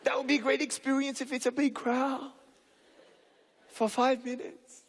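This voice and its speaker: High-voiced man telling stories in a hall. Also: moderate pace. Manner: animated, acts out dialogue in the story. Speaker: motivational speaker. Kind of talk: storytelling speech on stage. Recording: reverberant hall.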